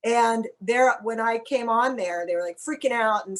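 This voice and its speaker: A woman's voice: fairly high pitch, normal speed, slight background noise. A woman from the United States, an actress, chatting as an interview guest in a rambling way, full of "like"s and self-corrections, with wry, blunt humor. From United States (Cincinnati). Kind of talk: casual chat.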